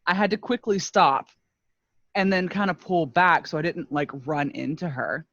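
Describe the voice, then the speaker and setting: A woman's voice: lowish voice, moderate pace, fairly bright tone, dry recording. A woman co-hosting a podcast, telling a story in a casual, self-mocking way and laughing often. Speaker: podcast co-host. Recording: muffled lo-fi dry mic.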